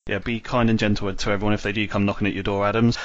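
A man's voice: lowish voice, level tone, rapid-fire, highs cut off. A man hosting a casual football podcast, teasing his co-hosts in a jokey way. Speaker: podcast host.

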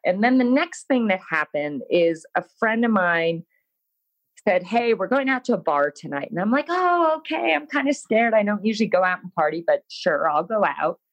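In a rough recording, a woman with a lowish voice speaks as an interview guest. She tells a personal story frankly, poking fun at herself, and gets animated when she acts out things she once said.

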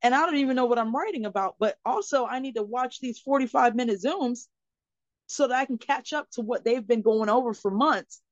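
A woman guest on a podcast, telling a personal story in an earnest, expressive way. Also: fairly high pitch, brisk, no echo. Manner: earnest and expressive, acting out dialogue in her story. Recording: slightly muffled, dry recording.

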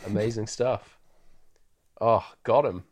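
Man, podcast host, casual rambling recap, laughs a lot, lowish voice. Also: slow pace, a little mellow. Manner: laughs often, rambling, loose and irreverent. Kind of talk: casual film recap chat.

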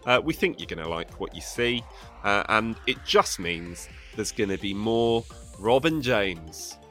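A man's voice: fairly low pitch, expressive, unhurried, bright, forceful tone, faint music behind. A man co-hosting a podcast in casual chat, rambling and self-mocking. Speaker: podcast co-host.

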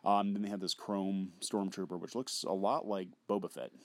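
A man's voice: sits low, little pitch movement, normal speed, no echo. A man co-hosting a podcast in casual chat, rambling and hesitant with many fillers. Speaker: podcast co-host.

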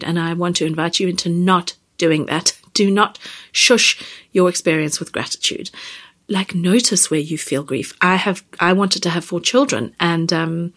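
A woman in her thirties or forties hosting a podcast, speaking gently and haltingly about personal feelings, close to tears. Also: lowish voice. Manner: gentle, halting, many fillers and restarts. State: near tears. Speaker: podcast host. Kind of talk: reflective personal podcast talk.

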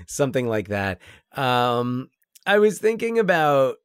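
A man's voice: mid-range voice, big pitch swings, slow pace, clean tone, no room sound, studio quality. Rambling man in casual film chat. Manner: rambling, many fillers and restarts. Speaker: podcast co-host.

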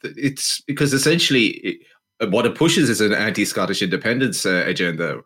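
A man co-hosting a casual film-review podcast. He talks in a dry, halting way and stumbles over his words. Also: on the low side, sharp tone, breathy edge. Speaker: podcast co-host.

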